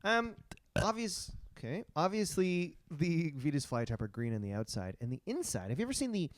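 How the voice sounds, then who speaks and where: Lively, playful man podcast host. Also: a little high, normal speed, dry recording. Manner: playful, jokey, breaks into silly sung bits. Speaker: podcast co-host presenting the topic. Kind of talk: casual comedic podcast chat.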